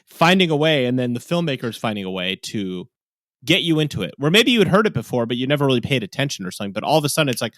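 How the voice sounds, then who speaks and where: A man's voice: medium pitch, big pitch swings, racing, a bit bright, no echo. A man hosting a casual podcast chat, offering wry commentary. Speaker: podcast host.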